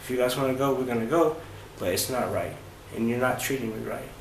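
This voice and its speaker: A travel vlogger with a gravelly, medium-pitched voice tells a casual first-person travel story. His speech is halting, full of fillers and restarts, and the recording has a roomy echo with faint ambient noise.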